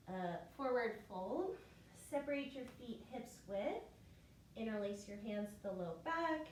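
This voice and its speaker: Yoga teacher, woman, fairly high voice, slightly winded, calm breath cues; roomy echo, distant mic. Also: unhurried, slight background noise. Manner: calm step-by-step cueing, breath counts. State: a little out of breath. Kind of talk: guided yoga class cues. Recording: echoey room, mic far off.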